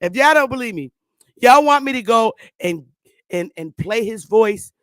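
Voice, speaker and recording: A woman hosting her own channel, chatting to viewers in a loose, profane way, laughing often and stammering when she gets excited. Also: a little high, normal speed, dry recording, studio quality. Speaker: channel host. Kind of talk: casual commentary to viewers.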